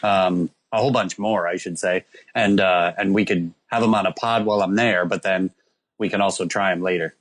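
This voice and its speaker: A man's voice: sits low, fairly even intonation, a little fast. A man co-hosting a casual podcast, telling a rambling story about a beer with lots of ums and uhs. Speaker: podcast co-host presenting a beer. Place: calling in from abroad.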